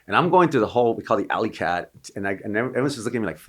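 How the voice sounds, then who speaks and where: A man's voice: fairly low pitch, expressive, rapid-fire, breathy edge. A middle-aged man, a Marine veteran, telling long anecdotes in a casual, rambling way with many restarts. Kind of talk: casual storytelling.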